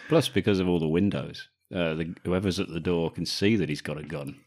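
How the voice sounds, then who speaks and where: A man's voice: sits low, fairly even intonation, a little fast, a little mellow. A man co-hosting a podcast, joking and laughing often as he chats about a film. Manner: jokey, laughs often, teasing. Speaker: podcast co-host. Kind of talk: casual film-review chat.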